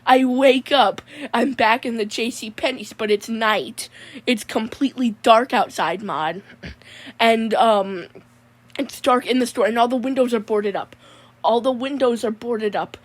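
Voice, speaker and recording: A woman's voice: a little high, measured pace. Rambling woman saying 'Mon' constantly. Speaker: comedy character storyteller. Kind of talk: comedic rambling storytelling.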